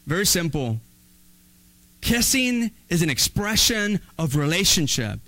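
Animated high-voiced male preacher. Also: measured pace, rough recording. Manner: animated, conversational preaching with playful asides. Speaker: pastor. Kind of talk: sermon.

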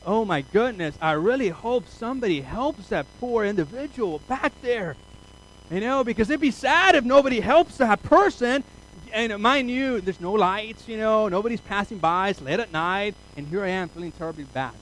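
A man's voice: high voice, normal speed, poor audio. A male pastor preaching a sermon, telling stories animatedly and acting out his own thoughts. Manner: animated storytelling, acts out his own inner voice.

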